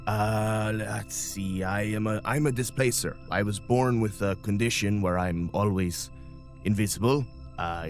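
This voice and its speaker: A man's voice: fairly low pitch, close to an everyday voice. A man voicing a courteous, slightly awkward invisible male medical officer in a tabletop game. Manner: courteous, gentle, a little awkward. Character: polite invisible male ship's doctor.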